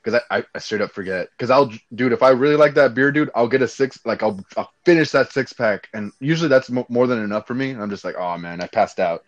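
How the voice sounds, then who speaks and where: A man's voice: medium pitch, quick pace, hardly any pauses, dull audio. A young man from Texas with a Mexican-American accent, rambling in casual chat, saying dude a lot and swearing freely.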